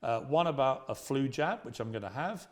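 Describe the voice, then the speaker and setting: A man's voice: mid-range voice, lively intonation, normal speed. A man in his fifties hosting a confrontational interview, pressing his points and talking over his guest. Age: 50s. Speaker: host.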